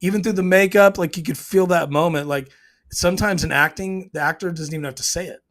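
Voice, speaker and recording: A man with a slightly higher-than-usual voice hosts his own show and recaps a TV episode. He rambles and loses his train of thought, clearing his throat often as he talks, and he speaks with plain emotion. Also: fast talker, fairly bright tone. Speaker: show host.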